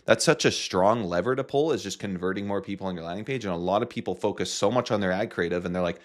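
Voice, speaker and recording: Low-voiced man coaching on marketing. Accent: Canadian. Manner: casual, quick, joking asides. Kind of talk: screen-share tutorial.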